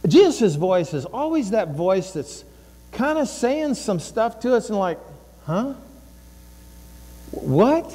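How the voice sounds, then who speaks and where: A man's voice: sits high, very animated, takes it slowly, long pauses, mellow, husky, in a large hall. A man preaching a sermon as a pastor, emphatic and repeating his phrases, sometimes voicing inner thoughts.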